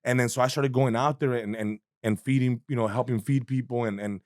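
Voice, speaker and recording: A man, telling an animated story as a guest comedian in a casual chat, swearing freely and acting out voices. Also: medium pitch, brisk, no echo, clean studio sound.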